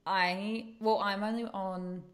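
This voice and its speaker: A woman co-hosting a podcast, telling animated stories in casual chat, acting out quotes and laughing often. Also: mid-range voice, slow. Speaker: podcast co-host.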